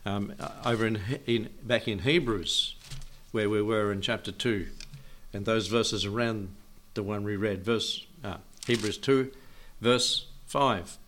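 A man's voice: lowish voice, steady tone, takes it slowly, a bit bright. An older man preaching a Bible teaching sermon in a folksy way, chuckling often and asking his listeners questions.

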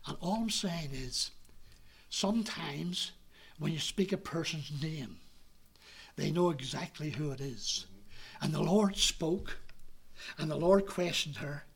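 Slow, earnest male preacher with a high voice, leans into soft near-whispered moments. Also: creaky, breathy edge. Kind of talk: sermon.

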